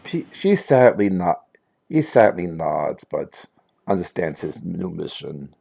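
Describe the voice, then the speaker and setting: A man runs a tabletop game as its game master, narrating events in a fairly low voice. His pitch swings widely as he tells the story. He stumbles and restarts often. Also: very animated, slow, vocal fry, mellow, breathy edge.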